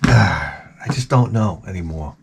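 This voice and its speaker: A man's voice: deep voice, animated, takes it slowly, gravelly, a little hiss or hum. A man hosting a gaming channel, riffing through a rambling comedic monologue full of jokes, swearing and tangents. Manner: profane, joking, rambling tangents.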